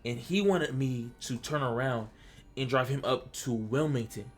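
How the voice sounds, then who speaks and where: A man from Delaware telling a personal story in casual vlog style, animated and stammering, acting out what he said back then. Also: mid-range voice, a little slow, faint music behind. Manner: animated, stammering, acts out his own past lines. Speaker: storytelling vlogger.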